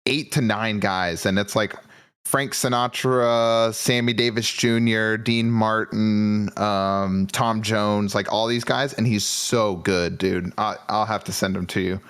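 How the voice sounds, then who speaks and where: A man co-hosting a casual music podcast, rambling with halting restarts. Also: lowish voice, fairly even intonation, a bit bright, clear, resonant tone. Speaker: podcast co-host. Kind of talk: casual chat. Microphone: headphones, remote call.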